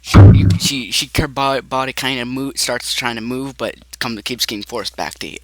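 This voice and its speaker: A man's voice: medium pitch, moderate pace, dry recording, low-quality recording. A man improvising a horror choose-your-path story as game master, with frequent restarts.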